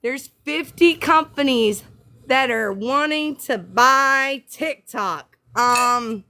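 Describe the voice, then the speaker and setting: A woman from the American South with a Southern accent, hosting a casual livestream and talking to her viewers in an emotional, halting, teary way. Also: sits high, bright, forceful tone, a little hiss or hum. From Southern United States. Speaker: livestream host.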